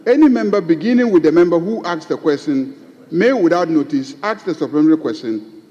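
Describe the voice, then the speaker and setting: A man's voice: a little high, animated, fairly quick, dark tone, muffled recording. A man, the majority leader, lecturing on the rules and repeating his point in a parliamentary debate. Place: large parliament chamber. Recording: long reverb of a large chamber.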